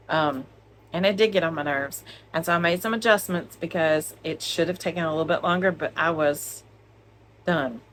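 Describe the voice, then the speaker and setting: A woman's voice: sits low, a little fast, fairly bright tone, a little hiss or hum. A woman co-hosting a crochet vlog at home, chatting casually and joking, filmed on a phone. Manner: chatty, laughing, jokey. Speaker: crochet channel co-host. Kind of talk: casual chat. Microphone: phone camera.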